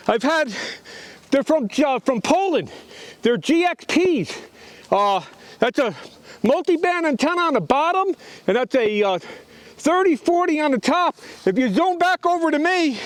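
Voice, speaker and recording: Fifties male tower builder, notably high-pitched, casual and explanatory on site. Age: 50s. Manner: matter-of-fact, explanatory. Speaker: amateur radio operator and tower builder. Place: outdoors at and on an antenna tower.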